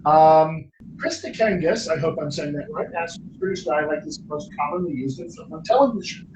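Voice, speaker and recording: A man's voice: fairly high pitch, lively intonation, fairly quick. A man hosting a live-stream Q&A as a dialect coach, chatty and reading out viewer questions. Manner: chatty, reads questions aloud, playful nagging. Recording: echoey room, from far off, faint noise.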